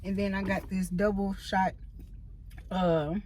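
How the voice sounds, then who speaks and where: A woman in her thirties telling a story in a casual, slangy, animated vlog, talking from a parked car. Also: medium pitch, takes it slowly, a little hiss or hum. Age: 30s. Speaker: vlogger. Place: parked car in a store parking lot.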